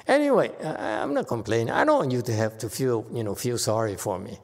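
A man's voice: mid-range voice, huge pitch swings, a little fast. A man, a Buddhist monk, giving an informal dharma talk in short broken phrases and laughing often. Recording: reverberant hall.

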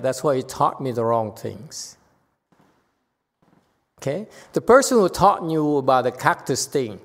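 With a mid-range voice and a big-room sound, a man gives a dharma talk to a congregation. His spiritual teaching is playful, full of rhetorical questions and repeated phrases.

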